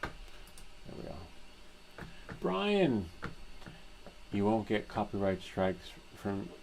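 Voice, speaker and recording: A man's voice: on the low side, level tone, slow pace, a little mellow, low-quality recording. A man hosting a live stream, chatting casually and rambling, laughing easily.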